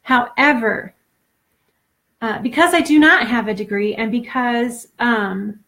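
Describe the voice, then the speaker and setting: A woman in her forties talking off the cuff to a camera, halting and earnest, close to tears, with many fillers and restarts. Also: a little high, fairly bright tone. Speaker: vlogger. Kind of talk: unscripted personal talk to camera.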